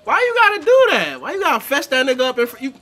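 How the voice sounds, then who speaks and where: A man's voice: very high-pitched, wildly swooping pitch, very fast, pushed and bright. A man reacting to a clip with loose, exclamatory slang in casual commentary. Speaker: reaction host.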